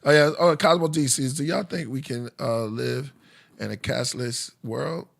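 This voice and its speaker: Man, gravelly voice, middle pitch, laid-back, encouraging, casual live-stream host. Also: unhurried.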